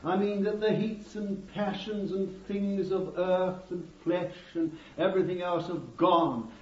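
A man's voice: high-pitched, fairly even intonation, measured pace, a little mellow. A man preaching a fervent sermon, calling his listeners beloved and breaking in with amen and hallelujah. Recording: dull distant recording in a roomy hall.

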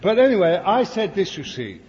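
A man with a high, sing-song voice speaks fairly quickly, his tone darkish with a slight hiss or hum. He delivers a fervent sermon to a congregation in a church hall, throwing emphatic asides to his listeners. The recording is dull and lo-fi, with long hall reverb.

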